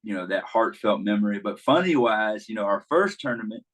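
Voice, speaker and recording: A man's voice: fairly low pitch, animated, fairly quick, a bit bright, poor audio. A man, a baseball coach, chatting casually as a guest and telling stories with lots of fillers and restarts. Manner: easygoing storyteller, many restarts and fillers. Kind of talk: casual podcast chat.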